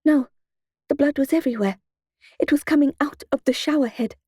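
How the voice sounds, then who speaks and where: A woman narrating a first-person audiobook in a steady, expressive storytelling manner into a close studio mic. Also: high-pitched, brisk, dry recording.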